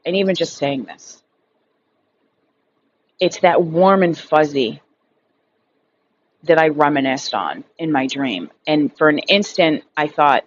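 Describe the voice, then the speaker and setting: A woman in her thirties rambles through a personal story in a frank, unfiltered way, swearing freely and leaning on fillers as she talks. Her voice sits a little low. The recording is slightly dull and lo-fi, with a faint hiss underneath. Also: lively intonation, takes it slowly, long pauses. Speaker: recovery vlogger. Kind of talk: casual storytelling monologue.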